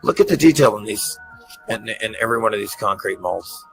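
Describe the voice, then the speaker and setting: A man hosting an excited commentary over pictures, gushing and repeating himself, often stammering. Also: fairly low pitch, a little fast, soft background music, low-quality recording. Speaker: host.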